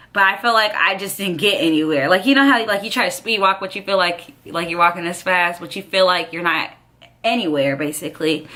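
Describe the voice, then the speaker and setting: A young woman vlogging, telling a personal story in an animated, chatty way and often checking in with her viewers. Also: medium pitch. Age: young adult.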